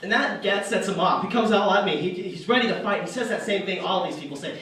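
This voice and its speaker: A man's voice: high-pitched, lively intonation, quick pace, hardly any pauses, far from the mic, background noise. Young man doing rambling stand-up in an echoey hall. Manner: rambling, self-deprecating storytelling with fillers. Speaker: stand-up comedian. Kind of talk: stand-up comedy set. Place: arts center stage.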